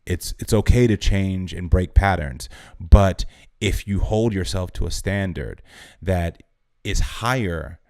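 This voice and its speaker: An American man in his thirties, a podcast guest giving sincere, measured advice. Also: deep voice, creaky, warm tone, no echo, studio quality. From United States. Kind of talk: earnest advice in conversation.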